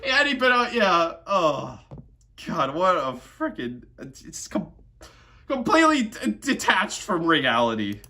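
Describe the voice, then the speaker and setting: Sarcastic man with bright, high voice. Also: huge pitch swings, slow. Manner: mocking, exasperated, swears often; laughs while talking. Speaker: reaction video host. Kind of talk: sarcastic reaction commentary.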